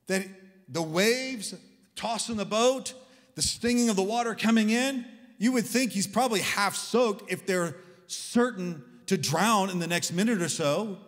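A man preaching a sermon in a church, talking in an animated, conversational and humorous way with sarcastic asides. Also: high-pitched, long reverb tail. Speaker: guest preacher. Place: large church hall.

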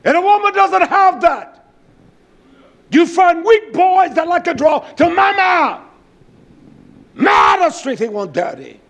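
A man preaching a sermon, emphatic and rising at times to shouts. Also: extremely high pitch, lively intonation, takes it slowly, vocal fry, long pauses.

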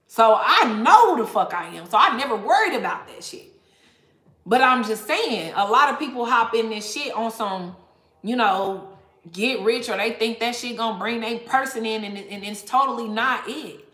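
Woman, tarot reader, casual rant, laughs a lot, bright tense voice. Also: on the high side, lively intonation, normal speed, reverberant.

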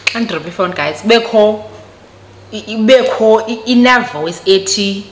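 A South African woman telling a story on her vlog, animated and switching between Xhosa and English. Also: medium pitch, moderate pace, a little hiss or hum. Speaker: vlogger. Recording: echoey room recording.

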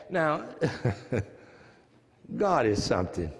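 A man's voice: high-pitched, animated, a little slow, long reverb tail. A man with an American accent preaching a sermon, who stresses key phrases and repeats them as his emphasis builds. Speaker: pastor.

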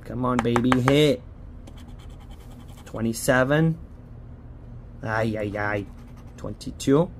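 Casual male vlogger, mid-pitched, hopeful chatter with faint background hiss. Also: slow pace, long pauses. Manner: chatty, hopeful, pleads with the ticket. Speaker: scratch-off lottery vlogger. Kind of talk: casual running commentary.

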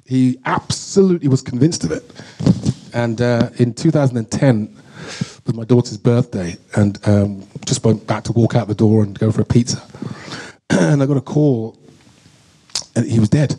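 A man telling a candid, emotional story as a guest at a live on-stage Q&A, full of halting restarts. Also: medium pitch, warm tone, slightly rough. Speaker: guest actor. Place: stage in front of an audience.

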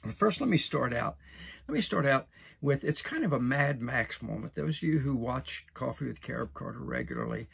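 A man's voice: mid-range voice, huge pitch swings, normal speed, a bit bright. A man in his sixties hosting a talk show, chatting in a rambling way with many restarts and fillers. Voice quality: gravelly, husky. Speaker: host. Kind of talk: casual talk show monologue.

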